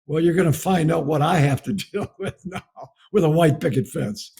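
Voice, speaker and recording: A man's voice: a little high, moderate pace, creaky, dark tone, slightly rough. A middle-aged man from the United States giving a folksy storytelling sermon about marriage, chuckling as he goes. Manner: folksy, laughs through his story. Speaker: speaker on marriage.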